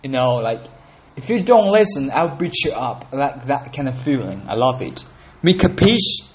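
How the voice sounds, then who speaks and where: A man's voice: medium pitch, big pitch swings, normal speed, a little mellow. A man hosting a casual solo podcast, chatting and repeating words as he practices them. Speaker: podcast host learning Italian.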